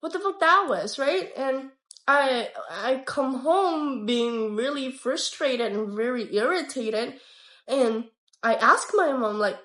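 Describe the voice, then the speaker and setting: Young woman vlogger, high voice, unhurried profane storytelling, echoey room. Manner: candid, profane, animated retelling. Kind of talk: casual storytime monologue.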